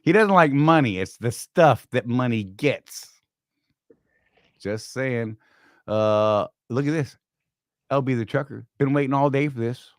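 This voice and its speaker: A man in his fifties hosts a live show, rambling and self-mocking in a loose, joking way. The room sounds dead and close, with no echo at all. His pitch sits squarely in the middle. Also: measured pace, long pauses. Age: 50s. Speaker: podcast host. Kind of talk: casual live-stream chat.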